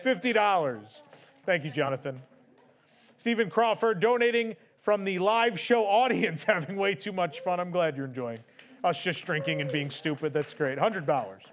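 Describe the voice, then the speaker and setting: A man's voice: sits high, moderate pace. A man hosting a live stream, casually reading out donations in a playful, laughing, loose manner.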